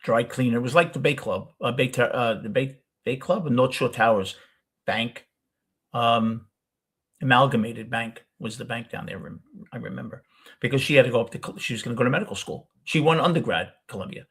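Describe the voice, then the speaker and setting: An older man with a New York accent tells a long personal story in a loose, rambling way. His voice is husky and sits at an ordinary pitch. He stops often to correct himself as he goes. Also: brisk, fairly bright tone. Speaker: host. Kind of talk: casual storytelling.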